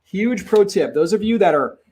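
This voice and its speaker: A man teaching real estate investing in a webinar, talking in an emphatic, energetic way and repeating his key points. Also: high-pitched, moderate pace. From Minnesota.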